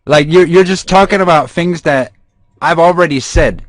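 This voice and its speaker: A man's voice: fairly high pitch, normal speed, no echo. A man in a heated live-stream argument, ranting angrily in a repetitive, cursing way from his bed in a trailer. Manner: angry, repetitive, cursing rant. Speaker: livestreamer.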